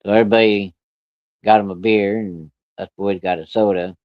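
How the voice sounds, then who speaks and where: A man telling a story of his own in a blunt, profane, folksy way, with rough rural grammar. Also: lowish voice, steady tone, normal speed, dry recording. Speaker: storyteller recounting a personal encounter. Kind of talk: casual spoken storytelling. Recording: dull, lo-fi and dry.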